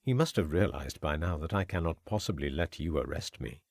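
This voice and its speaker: A man voicing a scheming, murderous gentleman villain in an audiobook, speaking in a low, sneering, menacing way. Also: a little fast, gravelly, no room sound, studio quality, full character voice. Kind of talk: audiobook character voice.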